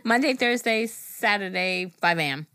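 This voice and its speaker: A woman's voice: mid-range voice, animated, moderate pace, bright, forceful tone, clean tone, dry recording. A woman co-hosting a casual podcast, answering in short, dry reactions. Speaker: podcast co-host, mother-in-law. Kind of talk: casual chat.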